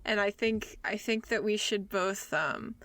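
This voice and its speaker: A woman's voice: mid-range voice, unhurried, a bit bright. A woman playing a tabletop game, making brief, playful remarks in casual chat. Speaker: player.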